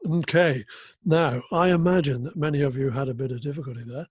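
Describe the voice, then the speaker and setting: An older man giving an academic conference keynote, talking haltingly with many fillers and restarts. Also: medium pitch, darkish tone, slightly rough, dry recording. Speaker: keynote speaker.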